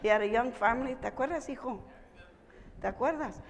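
Animated Mexican American woman in a hall. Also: fairly high pitch, quick pace. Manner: animated storytelling, switching between English and Spanish. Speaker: keynote speaker. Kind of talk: conference speech. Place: conference hall. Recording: echoey hall, crowd noise.

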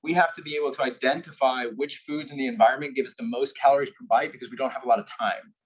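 In a corporate headquarters presentation room, a young man gives an invited talk to a live audience, telling a candid personal story and sometimes acting out what people said. His mid-range voice is steady with a breathy edge, he speaks quickly, and the recording is muffled.

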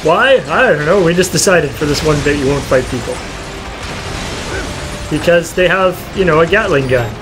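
A playful man with a somewhat high voice banters casually while watching a game. Game music plays clearly behind him, and he keeps the tone joking and loose. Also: moderate pace, long pauses, poor audio. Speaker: co-host of a game stream. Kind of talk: casual gameplay chat.

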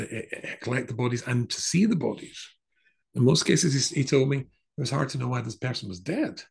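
This rabbi speaks in a medium-pitched voice with vocal fry, recounting a long personal story in a rambling way with plenty of asides and restarts. The recording is rough.

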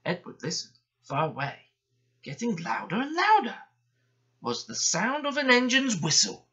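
Fields: Sex: man. Style: bedtime story reading. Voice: lively, bright. Sound: dull lo-fi. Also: sits high, normal speed. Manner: gentle, expressive reading.

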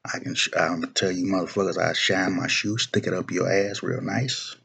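A man's voice: deep voice, level tone, normal speed, creaky, bright, forceful tone, husky. A young man ranting to camera, blunt and profane, often circling back and restarting his phrases. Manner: repeats himself, restarts phrases. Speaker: video blogger. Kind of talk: political rant to camera.

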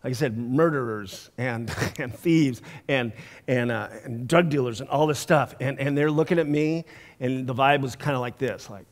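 Pastor preaching in a reverberant church. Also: male voice, mid-range voice, normal speed. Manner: conversational, laughs often, drops soft for emphasis. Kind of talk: storytelling sermon. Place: church sanctuary. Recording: long church hall reverb.

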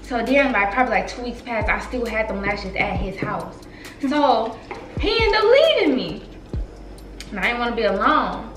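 A woman chatting casually with her twin during a mukbang, slangy and quick to laugh, recorded on a vlog camera at home. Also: on the high side. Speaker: vlogger's twin sister, guest. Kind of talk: casual chat over a mukbang. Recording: echoey room, faint music.

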